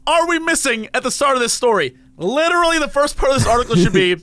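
A man co-hosting a casual comedy talk show, reacting with loud exclamations and joking riffs. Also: extremely high pitch, sing-song, quick pace, dry recording. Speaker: co-host.

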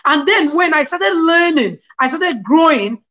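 High pitched middle aged woman on a video call, tells stories with lots of life, quotes scripture. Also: measured pace. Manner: animated storyteller, quotes scripture. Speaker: guest. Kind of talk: casual interview, personal testimony.

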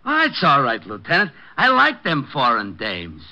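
A man's voice: mid-range voice, wildly swooping pitch, moderate pace. An actor playing a dim-witted male police sidekick in a 1940s radio drama, goofy and dopey in manner. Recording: hissy old radio broadcast.

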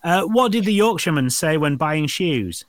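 A man in his thirties, a podcast co-host, telling dad jokes casually and acting out the characters with high squeaky voices. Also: moderate pace, dry recording. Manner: animated, acts out joke voices with high squeaks. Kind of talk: casual dad-joke swapping.

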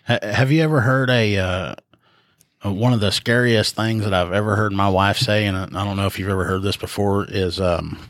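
A man's voice: lowish voice, fairly even intonation, brisk, fairly bright tone, no room sound, clean studio sound. A man, co-hosting a podcast, telling rambling stories with frequent chuckles. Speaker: podcast co-host. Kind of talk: casual chat.

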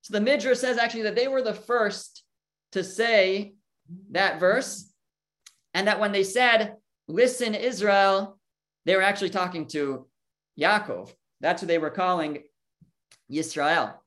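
Torah teacher, explanatory lesson, reasons aloud, translates Hebrew terms, mid-pitched voice. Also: measured pace, fairly bright tone. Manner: thinks aloud, poses questions and answers them.

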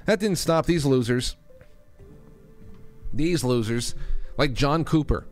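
A man's voice: mid-range voice, slow pace, pauses often, faint music behind. A male host giving angry, insulting, sarcastic political commentary, ranting about news clips.

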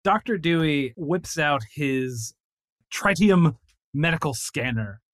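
Wry guy playing a tabletop rpg, lively up-and-down voice, mutters asides. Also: a little high, slow pace, no echo. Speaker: player. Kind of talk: tabletop role-play.

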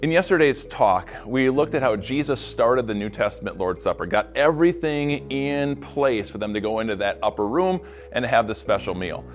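Animated pastor, lively storytelling voice. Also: male voice, medium pitch, moderate pace, few pauses, soft background music. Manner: animated storytelling, playful asides. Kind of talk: casual devotional talk.

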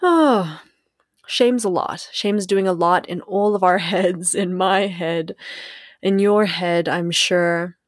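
A woman's voice: fairly low pitch, slow, no room sound, studio quality. A young adult woman hosting a solo podcast, talking in a reflective, candid way, laughing often and acting out the voices in her head. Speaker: podcast host.

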